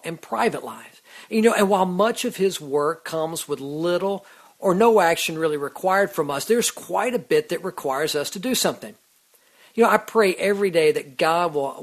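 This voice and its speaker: A man hosting a Christian radio show, talking about faith in an earnest, casual way, with lots of "you know" and restarts. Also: sits high. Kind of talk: casual devotional talk.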